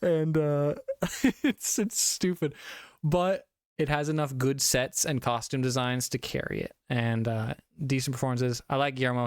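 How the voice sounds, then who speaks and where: In a studio-quality recording with no echo, a young man of medium pitch chats through a casual movie review on stream. He's a little drunk, rambles, swears, and laughs frequently.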